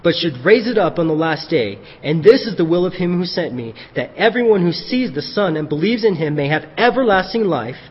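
A high-pitched, lively male preacher delivers a sermon, jumping into the voices of the people he quotes. His voice is slightly husky. It carries long reverb in a church hall and sounds dull and lo-fi. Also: fairly quick, few pauses. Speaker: pastor.

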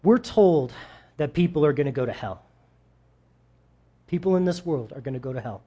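Male pastor, sermon, conversational, lively acted-out quotes, asides to the audience. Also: moderate pace, breathy edge, muffled recording. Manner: animated, acts out quoted voices with big pitch jumps.

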